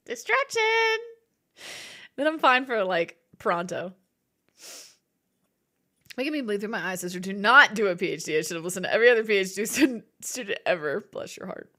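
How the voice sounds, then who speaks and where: An expressive, slightly bright woman's voice of medium pitch comes quickly but with frequent pauses. On a casual live stream she reads viewer messages, giggles plenty and playfully acts out what she's thinking.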